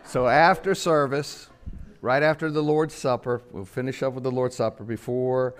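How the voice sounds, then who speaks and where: An older man, a pastor preaching a casual, story-filled Christmas sermon, acting out quotes and slowing for solemn lines. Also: steady tone, a little hiss or hum. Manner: storytelling, acts out quotes with sudden pitch jumps, slows for solemn lines.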